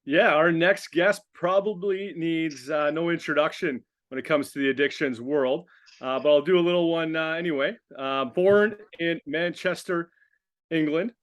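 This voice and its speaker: A man co-hosting a recovery podcast, introducing a guest in a relaxed, halting way. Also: fairly high pitch. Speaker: podcast co-host.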